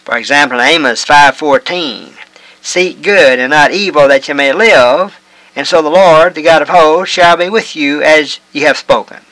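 A man with a bright, ringing tone and a slightly high voice delivers a measured Bible teaching. He reads scripture passages aloud in old-fashioned wording. The sound is dry and close, with no room around it. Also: no echo, rough recording. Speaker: preacher.

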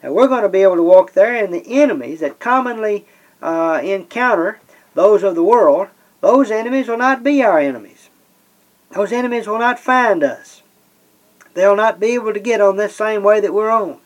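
A man preaching a Bible-teaching sermon. He slows down and leans on the scripture he reads, and pauses often with "uh". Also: high voice, lively intonation, low-quality recording. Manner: slows and stresses scripture readings, many "uh" pauses.

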